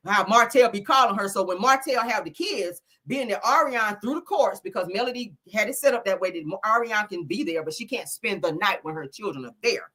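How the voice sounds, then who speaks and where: A woman's voice: mid-range voice, expressive, a little fast, few pauses, bright, forceful tone. A woman hosting a gossip commentary show in a sassy, profane, laughing manner, often mimicking people.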